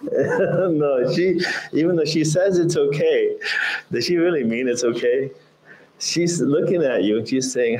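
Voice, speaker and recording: A man teaching a religious lesson, animated and storytelling, chuckling often as he talks. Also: a little high, a little slow. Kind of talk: sermon with humor. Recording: echoey room.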